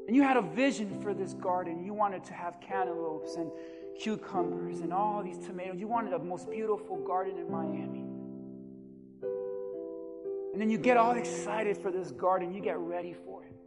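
Pastor, male, very high voice, animated preacher who bursts into shouts, booming reverberant church with music underneath. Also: moderate pace. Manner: animated preaching, acts out quotes, shouts for emphasis. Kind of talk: sermon. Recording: long hall reverb with music behind.

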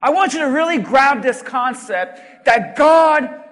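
A man delivers a sermon in a very high voice, taking his time over every phrase. He leaps to loud, emphatic shouts, then drops to near hushes. His voice rings out through a large church hall with a long, lingering reverb. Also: animated, measured pace. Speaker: pastor. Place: church sanctuary.

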